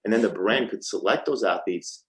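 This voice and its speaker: Low-voiced man telling a story. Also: normal speed, low-quality recording. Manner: lively storyteller who acts out quoted phone calls; frequent ums and restarts. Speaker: podcast guest, startup co-founder. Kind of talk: casual storytelling interview.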